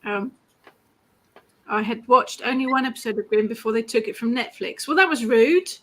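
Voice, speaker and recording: A woman with a high voice chats her way through viewers' comments, laughing often. Her talk is casual and friendly. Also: normal speed, a bit bright. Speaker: ritual host. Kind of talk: casual chat reading out comments.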